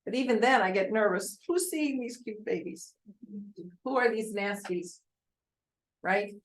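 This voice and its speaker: A woman's voice: mid-range voice, a little slow, rough recording. Older woman telling a chatty story. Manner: chatty storyteller, asks the audience questions. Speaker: real estate agent addressing colleagues. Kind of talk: informal talk to a group.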